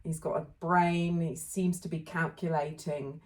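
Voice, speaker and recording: A woman co-hosting a casual film podcast, talking thoughtfully and often pausing to search for words. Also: sits low, flat delivery, darkish tone. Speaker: podcast co-host.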